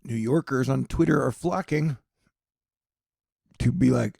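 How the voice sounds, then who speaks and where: A man casually covering the news on his vlog, reading tweets aloud and making jokey asides, at times rising to loud excited questions. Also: mid-range voice, a little slow, gravelly, no room sound, studio quality. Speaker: online news commentator. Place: home in Texas.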